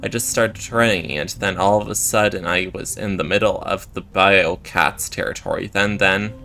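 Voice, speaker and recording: A man's voice: deep voice, fairly even intonation, moderate pace, creaky, pushed and bright, faint music behind, exaggerated voice. A man reading the lines of a frightened, apologetic young female cat.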